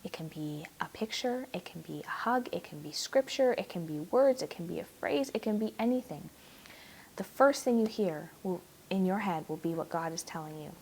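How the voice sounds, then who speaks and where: A young adult woman, a guest preacher, giving a sermon and telling a story with animated, acted-out quotes. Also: fairly low pitch, normal speed, gravelly, slightly rough. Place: church.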